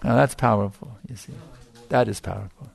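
A man's voice: fairly low pitch, fairly quick, creaky, slightly rough. A middle-aged man giving a devotional lecture as a spiritual teacher, emphatic and repeating his phrases for stress.

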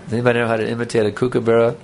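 Male speaker, gravelly, mid pitch, casual joking sermon style, faint hiss behind. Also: completely flat delivery, racing, a little mellow. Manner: conversational, rambling, joking asides. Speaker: spiritual teacher. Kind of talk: sermon with audience banter.

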